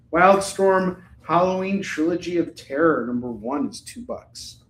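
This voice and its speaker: High-voiced man hosting a live sale. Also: unhurried, hardly any pauses, slight background noise. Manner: joking, profane, rambling. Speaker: live shopping show host. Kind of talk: casual live-stream sales chat. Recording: roomy echo.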